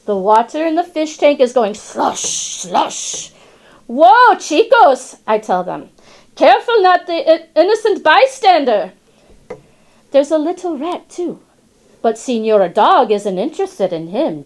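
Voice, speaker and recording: Parrot storyteller voiced by a woman, sly asides, Spanish words, high-pitched, very lively. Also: measured pace, heavily acted. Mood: wry. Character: chatty female classroom parrot, wry and proud. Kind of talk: storybook narration in character.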